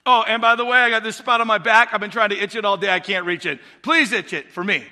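A man's voice: high-pitched, fast talker, bright, forceful tone. A man doing a bossy, self-centered house cat. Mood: entitled. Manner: entitled, complaining. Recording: long hall reverb.

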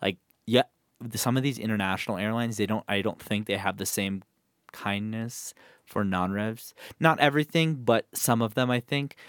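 A man hosts a podcast and chats in an easygoing way, often laughing and offering advice. His voice sits a little low. He is recorded close and dry. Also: moderate pace, clean tone, dry recording. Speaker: podcast host. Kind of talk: casual podcast chat.

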